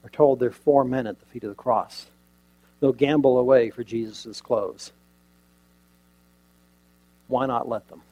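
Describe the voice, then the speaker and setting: A man preaching a sermon, retelling a scene dramatically with rhetorical questions and sudden shifts from loud emphasis to near quiet. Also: medium pitch, steady tone, a little slow, long pauses, muffled recording.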